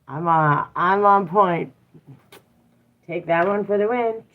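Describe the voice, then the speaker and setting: A woman with a deep, low voice talks casually from home, laughing easily and stopping now and then to give her child firm little instructions. The sound is thin and tinny, like it is coming through a phone. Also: a little slow. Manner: playful, laughs often, breaks off to correct her child. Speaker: channel host and mother. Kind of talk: casual live chat.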